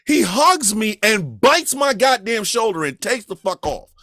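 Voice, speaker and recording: A high-pitched man from Kansas City tells a profane comedic story, his voice swinging widely up and down. His tone is bright and forceful as he acts out each person's lines, now and then shouting. The sound is dry and close, with almost no room echo. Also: big pitch swings, measured pace. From Kansas City, USA. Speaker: podcast storyteller.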